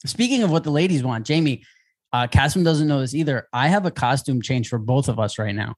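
A man's voice: medium pitch, lively intonation, brisk. Man, podcast co-host, casual chat, crude joking banter, boastful.

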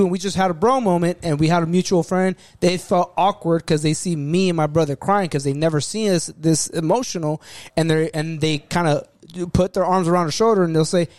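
A man telling a rough story in casual group chat, frank and profane. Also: on the high side, fairly quick, a little mellow, no room sound. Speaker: podcast guest telling a story.

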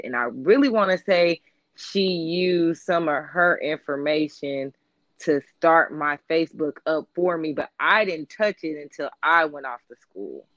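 A woman telling a high school story in casual chat, playfully acting out what people said. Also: fairly bright tone, no echo, lo-fi sound. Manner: playful, laughs and acts out quotes.

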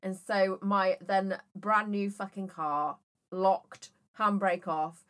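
A woman's voice: medium pitch, fairly even intonation, takes it slowly, fairly bright tone. A woman in her thirties, co-hosting a podcast and telling rambling anecdotes in casual chat, swearing freely. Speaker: podcast co-host.

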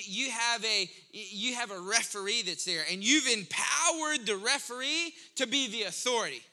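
A man preaching a sermon in a conversational, animated style, building to emphatic points. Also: very high voice. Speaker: pastor.

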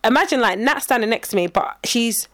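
A young woman chats and tells stories on a podcast, slightly high-pitched and lively. She laughs a lot and acts out her own shouts and outbursts. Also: fairly quick. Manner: laughing, animated storytelling with acted-out outbursts. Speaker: podcast co-host. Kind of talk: casual chat.

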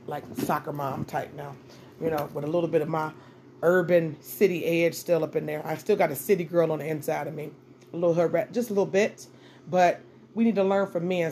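A woman's voice: on the low side, darkish tone, slight background noise. Blunt, profane middle-aged woman. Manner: blunt, profane, repeats phrases for emphasis. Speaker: podcast host. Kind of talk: casual dating-advice monologue.

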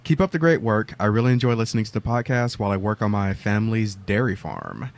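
A man from the southern United States chatting on a podcast. His voice sits a little low, and his humor is dry and amused. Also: very animated, fast talker, gravelly. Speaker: podcast co-host. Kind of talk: casual chat.

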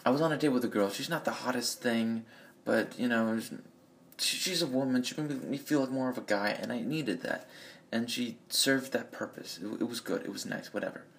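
A man's voice: mid-range voice, moderate pace, gravelly, fairly bright tone. A man ranting bluntly and profanely in a rambling monologue, recorded on a phone in an echoey room. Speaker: vlogger.

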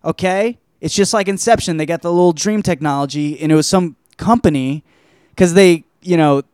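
A man's voice: a little high, normal speed, smooth, dry recording, studio quality. A man hosting a podcast, reviewing a film in a loose, rambling monologue full of swearing and restarts. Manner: loose, profane, animated, trails off often.

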